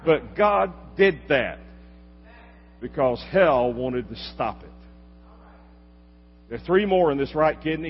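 A pastor delivering a sermon, swinging from loud exhortation to quiet asides. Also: male voice, on the high side. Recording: dull lo-fi recording with long hall reverb and faint hum.

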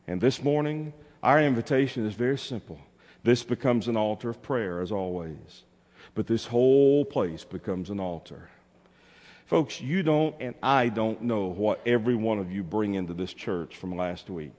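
A man's voice: fairly low pitch, animated, normal speed. A man preaching a fervent sermon from the pulpit, repeating lines and calling his congregation to respond. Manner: fervent, repetitive call-and-response, rising to shouted exhortations. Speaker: pastor. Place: church sanctuary. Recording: long reverb in a church.

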